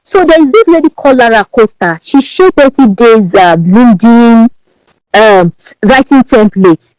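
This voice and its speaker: Lively Nigerian woman with a Yoruba accent. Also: on the high side, a little slow, no echo, low-quality recording. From Nigeria, Ibadan. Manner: animated, emphatic, repeats words as she speaks. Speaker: podcast guest, branding strategist. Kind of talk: podcast interview.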